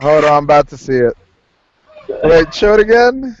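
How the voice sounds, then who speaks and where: A man's voice: fairly high pitch, sing-song, moderate pace, slight background noise. A man hosting a podcast in casual chat, laughing often and swearing as he tells stories. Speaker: podcast host. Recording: dull lo-fi sound.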